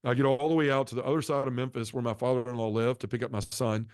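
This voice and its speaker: A man tells his life story earnestly and at a quick clip, acting out what people said. His voice sits in a middle register and is recorded close and dry, with no room sound. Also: medium pitch, little pitch movement, a little mellow, dry recording. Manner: earnest, acts out quoted dialogue. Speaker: podcast guest. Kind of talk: personal testimony storytelling.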